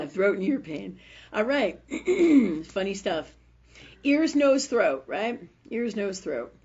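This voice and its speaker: A woman's voice: medium pitch, very animated, drawn-out words, darkish tone, husky, highs cut off. A woman hosting a live call-in show as a medical intuitive, talking in a chatty, rambling way, often asking "right?" and swearing casually. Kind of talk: live call-in spiritual health reading.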